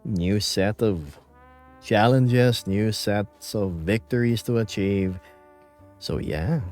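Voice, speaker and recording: Taking it slowly, a man with a lowish, a little mellow voice chats over faint music. He's from the Philippines, speaks with a light Filipino accent, and rambles playfully through a home live stream while reading the chat out loud.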